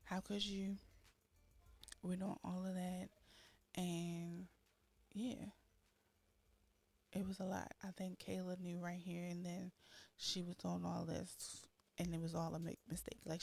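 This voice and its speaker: A woman's voice: lowish voice, gravelly, a little mellow. Chatty woman narrating her game. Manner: chatty, voices her characters' lines with dramatic flair. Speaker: let's-play host. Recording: faint background music.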